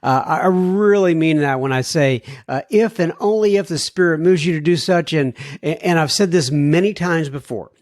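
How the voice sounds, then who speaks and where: A man's voice: fairly high pitch, normal speed, few pauses, a little mellow, no echo, studio quality. A man from Texas hosting a podcast, reading listener emails aloud and talking to his listeners in an earnest, rambling way with many restarts. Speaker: podcast host.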